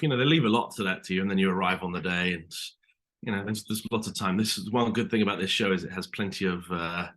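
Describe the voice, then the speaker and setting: A man's voice: low-pitched, a bit bright. A British man, an actor, talking through an interview in a loose, hesitant way full of fillers and restarts. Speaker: actor guest. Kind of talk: casual interview chat.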